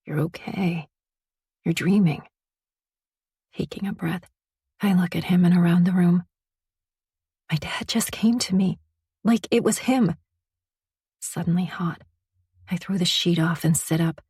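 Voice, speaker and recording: A woman narrating a romance audiobook in the first person, soft and emotional. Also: fairly low pitch, unhurried, long pauses, husky, no room sound, clean studio sound. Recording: distant mic.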